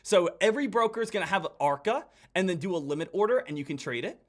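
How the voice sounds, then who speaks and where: A man's voice: high-pitched, expressive, fast. A man hosting a live day-trading stream, giving urgent, repetitive commentary and addressing viewers as guys. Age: adult. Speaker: day trader hosting a livestream.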